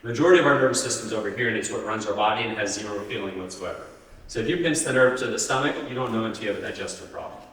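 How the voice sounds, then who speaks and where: A man's voice: lowish voice, racing, a bit bright. A man giving a live health talk, speaking conversationally and often putting questions to the audience. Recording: roomy hall, distant mic.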